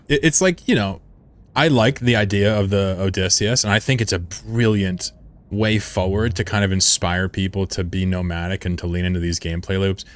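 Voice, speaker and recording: A man streaming a game, chatting casually with his audience in a rambling, profane way and chuckling often. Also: low-pitched. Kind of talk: casual live-stream commentary.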